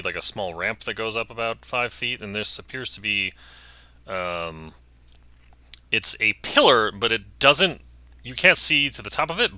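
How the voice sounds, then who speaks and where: A man runs a tabletop game as game master and keeps stopping to search for the right word. His voice is very bright and forceful. It sounds dry and close to the mic. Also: on the low side, no echo. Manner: hesitant, searching for words.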